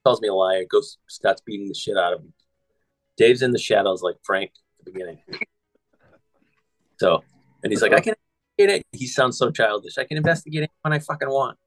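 A man's voice: on the low side, animated, moderate pace, long pauses, no echo, rough recording. A man hosting a podcast, casually retelling film scenes, quoting lines and swearing freely. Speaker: podcast host. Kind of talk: casual film recap chat.

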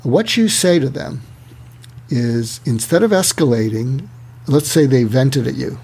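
Guy in an interview, kinda husky, acts out little dialogues while explaining. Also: medium pitch, measured pace. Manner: animated, acts out dialogue examples. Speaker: author and guest. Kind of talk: conversational interview.

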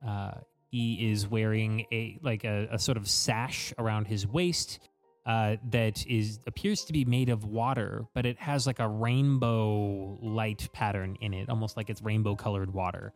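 A man's voice: fairly low pitch, fairly even intonation, a little slow, soft background music. A man narrating as game master of a tabletop game, describing scenes casually with frequent restarts.

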